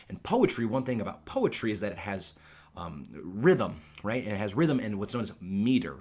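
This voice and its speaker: A man's voice: lowish voice, a little mellow. A man teaching Shakespeare, going line by line and restating it in plain, conversational words, thinking aloud as he goes, recorded on his own device. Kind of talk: casual line-by-line explanation. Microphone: self-recorded on a phone or laptop.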